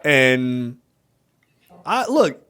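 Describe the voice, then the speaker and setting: A man co-hosting a casual movie review podcast, laid-back and hesitant, full of fillers and quick laughs. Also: medium pitch, big pitch swings, a bit bright, smooth. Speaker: podcast co-host.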